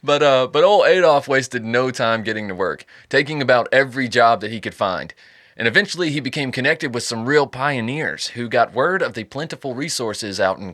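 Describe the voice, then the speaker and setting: A man hosts a podcast with a joking, profane storytelling manner. His voice is bright and swings widely in pitch as he jokes his way through the story, recorded close and dry. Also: no echo. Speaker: podcast host. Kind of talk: casual chat.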